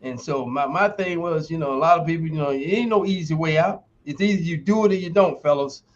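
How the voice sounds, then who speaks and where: A man's voice: on the high side, a little fast, slight background noise. A man in his sixties, a former football player and university instructor, telling stories emphatically as a podcast guest and acting out quoted dialogue. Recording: dull lo-fi stream audio.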